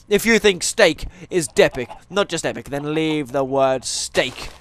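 A man's voice: fairly high pitch, measured pace, hardly any pauses, fairly bright tone, slight background noise. A man playing a video game and chatting to viewers, joking and going off on tangents as he plays. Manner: rambling, jokey, goes off on tangents; talks to viewers and animals in game. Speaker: gaming channel host. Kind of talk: Minecraft let's play commentary.

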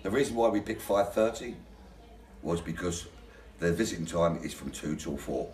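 A man organizing a demonstration answers interview questions earnestly and resolutely, often pausing with fillers. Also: low-pitched, lively intonation, darkish tone, slight background noise. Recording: echoey room, distant mic.

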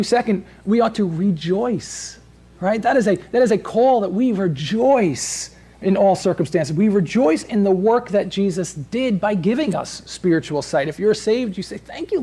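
A man preaches in a church in a relaxed, conversational style, circling back on himself with restarts and tagging points with "all right?". His voice sits a bit high for a man, with a husky, mellow tone. He sounds like a pastor chatting through the sermon rather than reading it. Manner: conversational, rambling with many restarts and asides.

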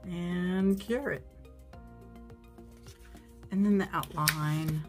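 A woman's voice: lowish voice, very slow, faint music behind. Chatty woman narrating a nail tutorial. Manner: chatty and self-deprecating, many fillers. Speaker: nail art vlogger.

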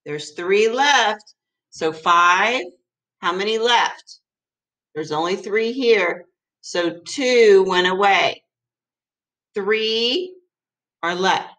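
Lady teacher doing a fun math lesson for kids, giggly and excitable, talks slow and careful. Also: mid-range voice, low-quality recording.

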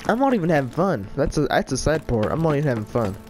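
Frustrated gamer. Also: male voice, a little high, big pitch swings, quick pace, darkish tone, faint music behind. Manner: frustrated, rambling, whiny. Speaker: gaming YouTuber. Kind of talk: live gameplay commentary.

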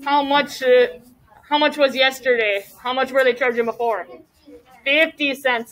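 A woman teacher reads a chapter book aloud to her class. She reads expressively in a high voice and stops to quiz the students. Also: rough recording. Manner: expressive, asks the class questions.

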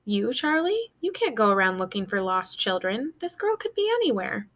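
A gentle, worried mother, as a woman voices her speaking anxiously to her son. Her tone is soft and concerned and rises with alarm. It is a storybook voice in a read-aloud. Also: mid-range voice, very animated, moderate pace.

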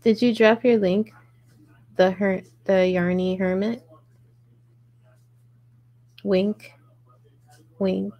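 A woman's voice: mid-range voice, steady tone, unhurried, darkish tone, poor audio. A woman hosting a live crochet tutorial, chatting casually with viewers, answering their comments and murmuring her stitch counts as she works. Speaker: crochet livestream host.

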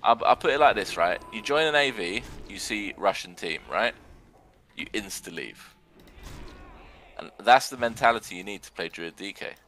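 A young man giving sarcastic, excitable commentary on a video game match and swearing now and then. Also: fairly low pitch, normal speed. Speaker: arena commentator.

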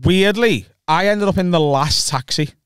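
A man, telling a lively anecdote on a podcast and acting out voices as he goes. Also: high voice, normal speed, clean tone, no room sound, clean studio sound. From England. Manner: animated, acts out voices in anecdotes, swears freely. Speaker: comedian podcast host. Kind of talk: casual storytelling chat.

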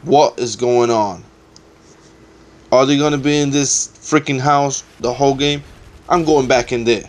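A man's voice: mid-range voice, steady tone, measured pace. A young man giving casual, trash-talking commentary over his own gameplay, swearing often and getting exasperated.

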